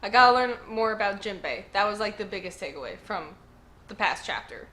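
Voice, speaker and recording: A woman hosting a casual manga read-along, chatty and excitable, reacting to each chapter. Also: mid-range voice, fairly quick, a little hiss or hum. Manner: chatty and excitable, lots of "like" and "y'all".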